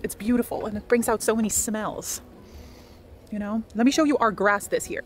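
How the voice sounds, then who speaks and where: Soft-spoken woman vlogging. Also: mid-range voice, normal speed, slight background noise, low-quality recording. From Norway. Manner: soft, cooing, talks sweetly to partner and pets. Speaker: lifestyle vlogger. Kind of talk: vlog narration.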